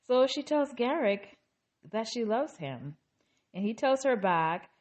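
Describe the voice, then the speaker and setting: A woman's voice: a little high, expressive, takes it slowly, a little mellow. A woman recapping a reality TV episode in a casual, opinionated way, breaking off into exasperated asides.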